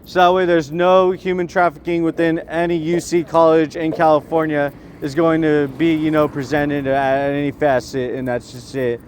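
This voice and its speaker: A man's voice: fairly high pitch, little pitch movement, moderate pace, few pauses, a little hiss or hum, close to an everyday voice. Young man doing an older male politician, boastful, blustering, rambling.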